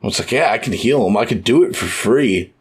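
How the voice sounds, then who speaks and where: A young man talking loosely in a podcast chat, his voice sitting low. He swears freely and bursts into quick voiced-out bits as he retells scenes. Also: breathy edge. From United States. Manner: loose, profane, animated, acting out scenes with quick voice shifts. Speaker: podcast co-host. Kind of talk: casual chat.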